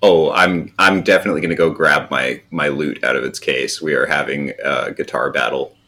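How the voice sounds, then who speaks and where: A man playing a tabletop role-playing game, describing his actions in a deadpan, playful way. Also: very deep voice, normal speed. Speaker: player. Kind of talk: in-character tabletop play.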